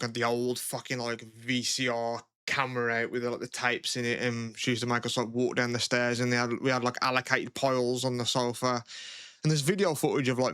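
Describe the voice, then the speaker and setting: Dude rambling on a podcast, smooth clear voice, dry close mic, says like a lot. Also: male voice, mid-range voice, a bit bright, no echo. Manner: rambling, full of "like" and swearing. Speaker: podcast co-host. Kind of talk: casual chat.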